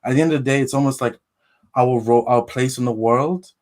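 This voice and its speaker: A man's voice: medium pitch, steady tone, brisk, darkish tone. A man as a podcast guest, talking in a hesitant, rambling way with many restarts. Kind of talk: casual chat.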